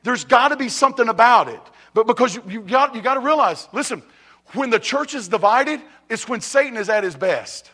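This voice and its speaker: A man preaches to his congregation in a high, light voice. He talks conversationally, restarts phrases and keeps asking if they are ready. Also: expressive, fairly quick, pushed and bright. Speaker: pastor. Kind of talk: sermon. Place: church sanctuary.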